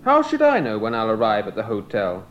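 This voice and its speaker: A man's voice: on the low side, huge pitch swings, fairly quick. An actor playing an impatient male traveler who grows exasperated and sarcastic. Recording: dull lo-fi tape with faint hiss.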